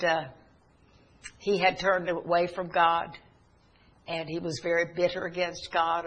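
A woman preaching a sermon, telling a story earnestly with halting pauses and restarts. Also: fairly low pitch, slightly rough.

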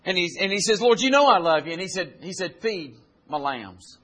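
A man preaching a sermon, retelling scripture in plain folksy speech and building to loud, climbing exhortation. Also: high voice, animated, fast.

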